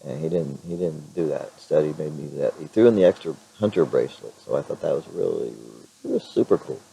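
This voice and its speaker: Very low, gravelly hoarse man. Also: fast talker, mellow, rough recording. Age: middle-aged. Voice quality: hoarse, raspy voice. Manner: rambling, frequent fillers and restarts. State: clears throat now and then. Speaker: vlogger. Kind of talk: casual vlog chat.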